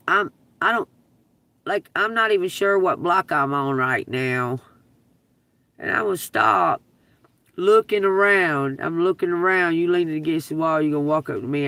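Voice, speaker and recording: Middle-aged Southern woman with a gravelly fry and a dry sound, off-mic, cussing live-stream storyteller. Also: sits low, normal speed, no room sound, far from the mic. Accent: Southern US (Georgia). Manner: profane, animated, laughs through the story. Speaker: live-stream tarot reader. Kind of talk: rambling casual storytelling.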